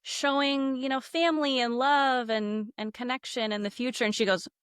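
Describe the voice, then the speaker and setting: A woman's voice: sits high, moderate pace, clear, resonant tone, no room sound, clean studio sound. A woman guest on a podcast telling a ghost story casually, acting out quotes and saying "like" a lot. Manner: animated, acts out quotes, many "like" fillers.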